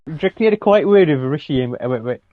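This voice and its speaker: A man co-hosting a casual podcast, joking around and now and then jumping into high comic voices. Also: animated, fast talker, phone-quality sound, background noise. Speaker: podcast co-host and comedian. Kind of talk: casual banter.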